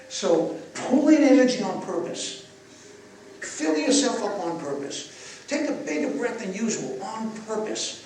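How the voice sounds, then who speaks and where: An older man teaching breathing to a live audience, animated as he guides them through each breath. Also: high-pitched, measured pace, noisy background. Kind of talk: live workshop talk to an audience. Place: live event venue. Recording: echoey event space, mic from far off.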